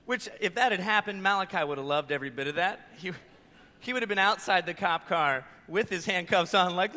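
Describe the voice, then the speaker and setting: High-voiced, bright-toned pastor preaching. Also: male voice, a little fast. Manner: animated storytelling with voiced quotes. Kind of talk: sermon. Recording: echoey church hall.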